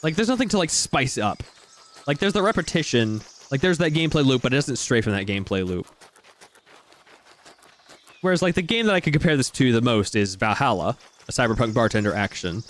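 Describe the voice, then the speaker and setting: A man's voice: medium pitch, animated, brisk, a bit bright, a little hiss or hum. Rambling man giving game commentary. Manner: rambling, searches for words, lots of fillers. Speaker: gameplay commentator. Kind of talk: casual let's-play commentary.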